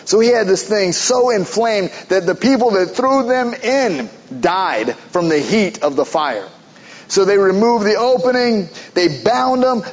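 A man preaching a sermon, animated, dropping to a hushed low voice when speaking for God. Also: highs cut off. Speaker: pastor.

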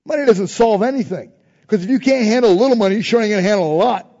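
A man preaching a sermon in informal phrasing, building to emphatic refrains and dropping to soft prayerful tones. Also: high voice, quick pace, big-room sound, highs cut off. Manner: preaching with rising emphasis, repeated refrains and call-and-response. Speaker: pastor.

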